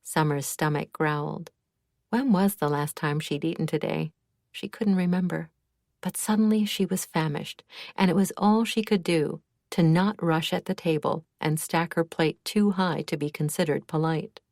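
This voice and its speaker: A woman narrating an audiobook in a measured, even way. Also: low-pitched, gravelly, no room sound, studio quality. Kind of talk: scripted narration.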